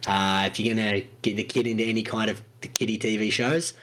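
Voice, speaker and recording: A man's voice: on the low side, fairly even intonation, brisk, fairly bright tone, slight background noise. A young man co-hosting a casual podcast, blunt and joking, swearing freely. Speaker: podcast co-host.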